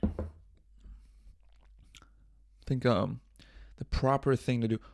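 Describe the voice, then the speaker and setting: This podcast host, a man on his own, has a mid-range, darkish voice with vocal fry and a slow pace. He wanders through casual, jokey talk, swearing a lot and talking to himself, recorded cleanly in a studio with no echo.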